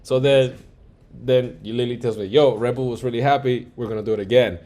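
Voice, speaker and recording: A male music producer telling stories in a casual interview, animated, acting out quoted dialogue and peppering his talk with "like" and "yo". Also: medium pitch, a little fast. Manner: frequent fillers like "like" and "yo".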